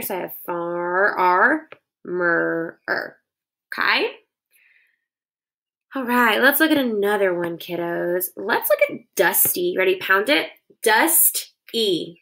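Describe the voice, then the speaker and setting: A woman teacher leads a phonics lesson for young kids, breaking words into syllables slowly and clearly. Her voice is bright and forward, with a steady, encouraging manner. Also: mid-range voice.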